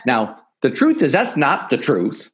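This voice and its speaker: A middle-aged man, a podcast guest, explaining sales techniques in an energetic, emphatic coaching manner. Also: mid-range voice, unhurried. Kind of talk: podcast interview, teaching sales tips.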